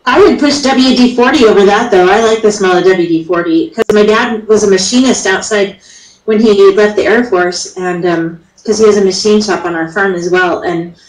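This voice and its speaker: A woman's voice: medium pitch, moderate pace, reverberant, low-quality recording. A woman from the United States, an easygoing guest who chats casually and laughs often. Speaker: guest caller. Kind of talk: casual chat.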